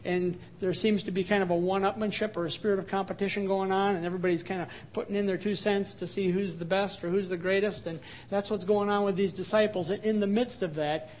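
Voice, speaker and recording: A male pastor delivers a sermon with earnest emphasis, mixing rhetorical questions and personal stories. His voice sits noticeably high for a man. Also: darkish tone, a little hiss or hum.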